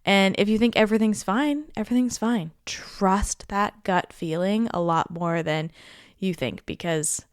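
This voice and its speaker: Young woman podcast host, smooth clear voice, earnest and enthusiastic, dry close-mic sound. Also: mid-range voice, unhurried, no echo. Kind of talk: solo podcast monologue.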